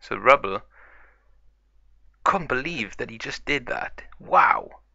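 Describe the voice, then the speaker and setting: A man's voice: mid-range voice, expressive, takes it slowly, vocal fry, sharp tone, no echo, muffled recording. A man casually narrating a toy-play story in rambling run-on sentences.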